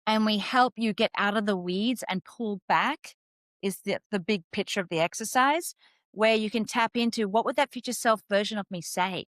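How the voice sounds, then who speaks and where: A woman's voice: medium pitch, normal speed, no room sound. A woman from Australia with an Australian accent, a life coach guest chatting and laughing easily. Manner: warm and laughing. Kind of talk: casual interview chat.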